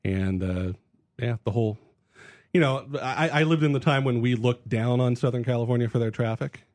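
Man, podcast guest, easygoing, repeats and restarts, mid pitch. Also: normal speed, darkish tone, dry recording. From US, Bay Area. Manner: hesitant restarts, laughing easily. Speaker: guest author. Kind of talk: casual chat.

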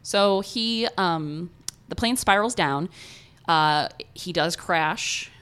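Bright-voiced Ohio woman telling a story. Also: lowish voice, slow pace, clear, resonant tone. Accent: Ohio American. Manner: animated, lots of filler words. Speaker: podcast co-host. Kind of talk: casual storytelling chat.

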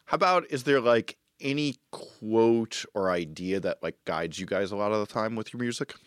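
Lively joking male host. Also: fairly low pitch, clean tone, no echo, studio quality. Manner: joking, does quick voices. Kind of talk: casual interview chat.

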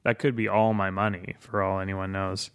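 A man's voice: low-pitched, flat delivery, normal speed, a bit bright, clear, resonant tone. A man in his thirties, a guest on a podcast, talking in a hesitant, understated way. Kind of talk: casual interview chat.

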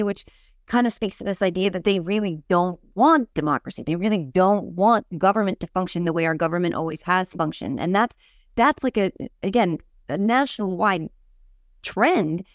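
A woman's voice: lowish voice, expressive, moderate pace, dry recording, clean studio sound. A woman hosting a podcast, chatting casually and expressively about politics, with frequent fillers and restarts. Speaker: podcast host.

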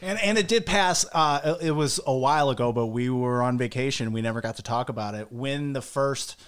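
A man's voice: mid-range voice, a little fast, fairly bright tone, clear, resonant tone. A man co-hosting a podcast in casual chat, joking and laughing often. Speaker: co-host.

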